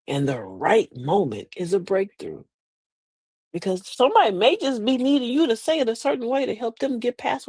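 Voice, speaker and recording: A woman's voice: fairly high pitch, a little mellow, husky, no echo. A middle-aged woman hosting a live motivational talk, folksy and preachy, with emphatic delivery. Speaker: host.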